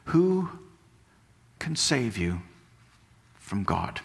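A man preaching a sermon in a church, with a slow, deliberate delivery. His pitch swings widely, climbing on pointed questions and sinking low and quiet at the ends of phrases. The voice carries a long hall reverb. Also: very animated, gravelly. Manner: slow, emphatic preaching with rising questions and hushed drops. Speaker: pastor. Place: church sanctuary.

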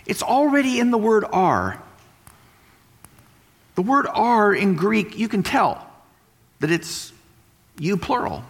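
A man's voice: high-pitched, big pitch swings, slow, gravelly, pauses often, breathy edge. A man preaching a sermon, explaining and repeating points for emphasis. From West Texas. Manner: explanatory, emphatic teaching with repetition. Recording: long hall reverb.

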